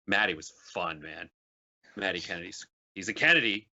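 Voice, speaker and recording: A man's voice: low-pitched, moderate pace, pushed and bright, muffled recording. A man as guest on a political chat show, joking and rambling through anecdotes. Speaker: guest co-host.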